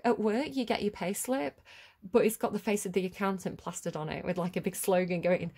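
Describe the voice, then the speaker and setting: A woman's voice: medium pitch, a little fast, warm tone, breathy edge. A woman giving a casual tarot reading, rambling and chatty as she drifts off on tangents. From United Kingdom. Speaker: tarot reader.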